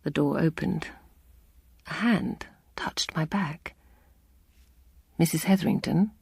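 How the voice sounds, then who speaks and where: A woman giving a dramatic first-person story reading in a hushed, half-whispered delivery. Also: low voice, slow pace, vocal fry, husky, no room sound, clean studio sound. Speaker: audiobook reader.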